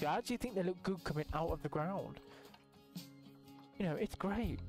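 A young man giving casual, excitable gameplay commentary, swearing now and then and jumping into high exclamations. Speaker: gaming youtuber.

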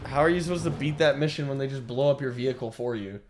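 A man commentating his gameplay, sarcastic and excitable, often shouting at the game. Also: mid-range voice, quick pace, noisy background. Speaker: gaming video host. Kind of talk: let's play commentary.

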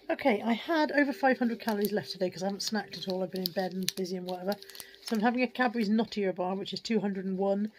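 A woman's voice: mid-range voice, darkish tone. A British woman chatting frankly to her phone camera at home as a vlogger, self-deprecating and casual. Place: at home, kitchen and bedroom.

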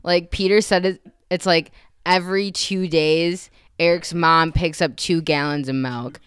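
A woman's voice: lowish voice, steady tone, a bit bright, smooth, no echo, studio quality. A young woman from the Chicago suburbs with a Chicago accent, laughing easily in a casual podcast chat. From Chicago suburbs, Illinois. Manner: giggly, quick to laugh. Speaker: podcast co-host.

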